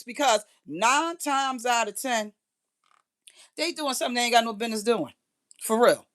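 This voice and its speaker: A woman's voice: a little high, a bit bright. A middle-aged woman, ranting bluntly and profanely on a live stream and repeating phrases for emphasis. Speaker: livestreamer. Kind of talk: impassioned live-stream rant.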